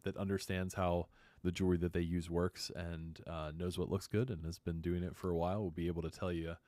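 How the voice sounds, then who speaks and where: Very deep-voiced man, dry sound. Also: flat delivery, a little fast, dark tone, no room sound. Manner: hesitant, lots of uh and um. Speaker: co-host reading viewer questions. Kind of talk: live-stream Q&A chat.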